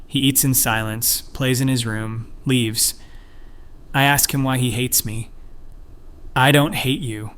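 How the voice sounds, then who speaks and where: A man giving a scripted first-person narration of an online story, reading in an even, measured way. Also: mid-range voice, clean tone.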